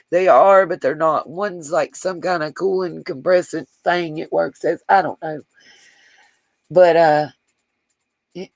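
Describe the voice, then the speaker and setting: A man hosts a livestream in a creaky, mid-range voice, casually and lovingly rambling to his viewers while reading their comments out loud. Expect a dry, rough recording.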